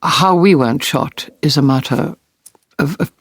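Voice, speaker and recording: A woman's voice: low voice, unhurried, breathy edge, no echo. A woman war correspondent earnestly recounting vivid experiences in an interview. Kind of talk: interview storytelling.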